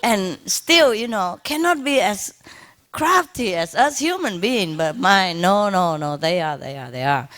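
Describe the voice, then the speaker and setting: A woman's voice: mid-range voice, expressive, measured pace, a bit bright. A woman telling a story to an audience. She laughs often, repeats her words and stops to imitate sounds.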